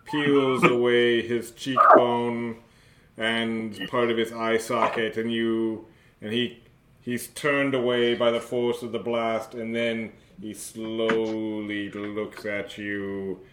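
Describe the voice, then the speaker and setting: Man game master, slow halting narration, lots of fillers, echoey room, faint hiss. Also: mid-range voice, flat delivery. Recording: roomy echo, faint noise.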